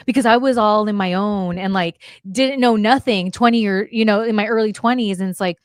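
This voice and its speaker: A woman, a pro wrestler guest, telling stories in casual chat, animated and openly emotional, speaking over a video-call stream. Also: medium pitch, fairly quick, few pauses, dry recording, studio quality. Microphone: video call streaming setup.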